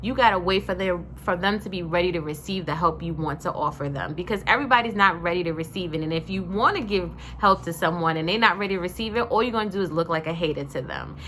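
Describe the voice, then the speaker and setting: A woman's voice: fairly low pitch, fast, hardly any pauses, sharp tone, a little hiss or hum. A young woman speaking in a heartfelt, effusive tribute to her sisters and nieces, her voice emotional and full of praise. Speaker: vlogger honoring her family.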